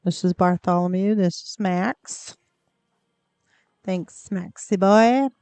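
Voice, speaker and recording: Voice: medium pitch, takes it slowly, darkish tone, smooth, dry recording. A game streamer in casual gameplay commentary, chatty and rambling, cooing at pets in the game, close to a desk mic.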